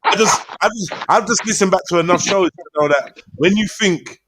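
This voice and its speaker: A man hosting a casual livestream panel chat, slangy and animated, quick to laugh. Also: high voice, noisy background. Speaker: livestream host.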